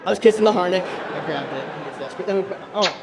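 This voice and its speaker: A man from Brazil telling a stand-up comedy story on stage, animated and bursting into shouted exclamations. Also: high voice, fast talker, noisy background.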